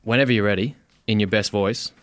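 A man's voice: fairly low pitch, steady tone, fairly quick, no echo. Teasing Australian young man host. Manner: teasing, bantering. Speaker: podcast host. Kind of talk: casual podcast interview.

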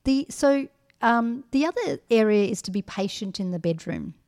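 Middle-aged woman, podcast co-host, frank casual advice, mid-pitched voice, lots of ums. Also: expressive, moderate pace, a little mellow. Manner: frank, many ums and restarts.

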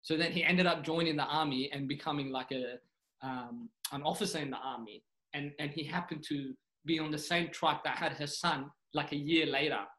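A young man from Sudan, a comedian guest on a podcast, telling a personal story in an earnest, animated way, often saying "you know" and "man". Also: a little high, moderate pace, low-quality recording. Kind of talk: casual storytelling interview.

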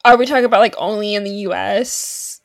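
A young woman co-hosting a podcast in casual chat, chatty and quick to laugh, with many fillers. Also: medium pitch, fairly even intonation, gravelly, dry recording, studio quality. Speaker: podcast co-host.

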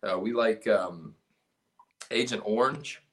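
A man's voice: on the low side, takes it slowly, a bit bright. Man, Southern drawl, profane, rambling, laughs a lot, casual chat. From California. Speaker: punk band guitarist guest.

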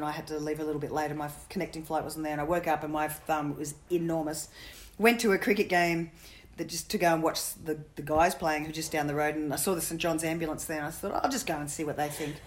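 A woman's voice: low voice, steady tone, slight background noise. A middle-aged woman, a former cricketer, telling jokey stories in a casual interview. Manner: quick, jokey anecdotal storytelling. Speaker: guest, former cricketer and coach.

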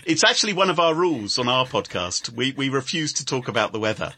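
A man's voice: medium pitch, lively intonation, fairly quick, sharp tone, a little hiss or hum. A man from the United Kingdom, a podcast guest, chatting in a friendly and jokey way. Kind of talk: friendly remote interview chat.

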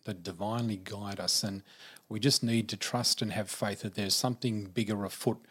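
A man's voice: fairly low pitch, fairly even intonation, normal speed, fairly bright tone, husky. Earnest man telling a moving story. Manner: earnest, emphatic, repeats words for effect. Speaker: interview guest. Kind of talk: emotional personal storytelling.

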